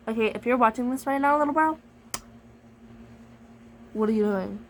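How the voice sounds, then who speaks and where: A woman's voice: a little high, moderate pace, pauses often, slight background noise, rough recording. Chatty, jokey woman vlogger. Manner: chatty, jokey, playfully dramatic. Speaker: vlogger reviewing a storybook device. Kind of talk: casual chat to camera.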